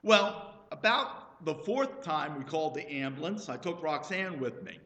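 A male pastor preaches in a high, bright voice, unhurried and deliberate. He spins folksy stories and asks the congregation questions. His words echo around a roomy church. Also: expressive. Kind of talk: sermon.

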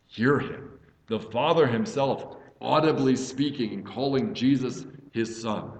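Earnest pastor in an echoey room. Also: male voice, medium pitch. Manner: earnest, reads scripture aloud with emphasis. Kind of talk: Bible study teaching.

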